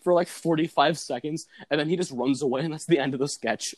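A man's voice: fairly high pitch, fairly quick, no echo. A young man chatting casually, rambling with lots of filler words as he retells a comedy sketch. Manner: rambling, full of "like" fillers, laughs at his own story. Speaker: student describing his comedy sketch. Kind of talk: casual chat.

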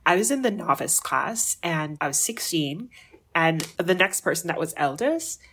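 A young woman with a Jamaican accent, a guest telling stories in an interview, animated and acting out the voices of people she quotes. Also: fairly low pitch, normal speed, husky. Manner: animated, acts out quoted voices, frequent laughter. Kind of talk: storytelling interview.

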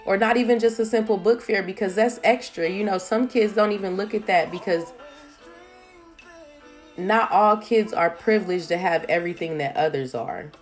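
A woman's voice: medium pitch, moderate pace, soft background music. A woman who is a single mother, talking in a casual, conversational way about raising her kids, with plenty of "you know" and "like" asides. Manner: conversational, with many fillers and asides. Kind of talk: casual advice monologue.

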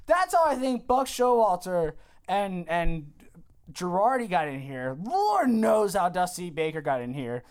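A man co-hosting a casual sports podcast, animated and quick to act out scenes. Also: high voice, clear, resonant tone. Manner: animated, acts out shouted impressions of others. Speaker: podcast co-host. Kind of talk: casual comedic sports banter.

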